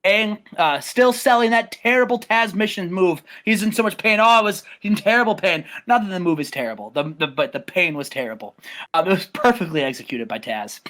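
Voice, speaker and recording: A man giving a casual, rambling play-by-play recap, stumbling over names and breaking into loud shouted quotes. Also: high-pitched, fairly quick. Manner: excitable, rambling, many restarts, bursts into loud acted-out quotes. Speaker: host recapping a wrestling game simulation.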